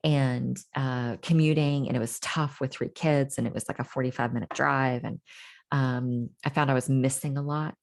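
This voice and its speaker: A middle-aged woman speaks as an interview guest, telling her own story in a candid, reflective way. Her voice sits very low with a gravelly fry. She pauses often and restarts her sentences. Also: steady tone.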